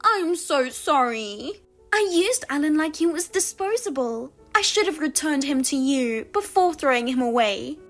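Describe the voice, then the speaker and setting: A woman's voice: high voice, animated, moderate pace, few pauses, soft background music. A woman voicing a scheming younger sister who mocks and taunts in a sing-song way. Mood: callous.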